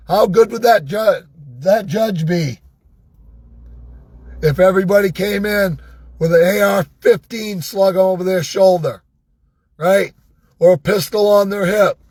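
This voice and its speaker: Guy venting in his car, high husky voice, sarcastic and fired up, dry close sound. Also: a little mellow, no echo. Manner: sarcastic, worked-up ranting. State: hoarse, losing his voice. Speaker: vlogger. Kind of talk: angry ranting monologue. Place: inside a vehicle.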